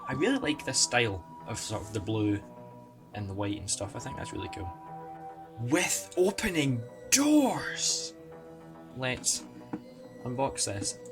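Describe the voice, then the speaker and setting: A man with an excitable, chatty manner and self-mocking asides, giving casual unboxing commentary as a toy collector vlogger. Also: lowish voice, a little fast. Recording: music playing underneath. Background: background music.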